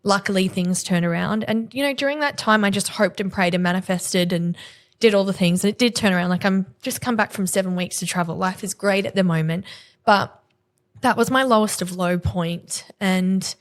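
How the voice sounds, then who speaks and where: A woman's voice: mid-range voice, moderate pace. A woman in her thirties with an Australian accent, a podcast guest telling a painful personal story and acting out the exchanges she quotes. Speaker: podcast guest, salon owner. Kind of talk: candid podcast conversation.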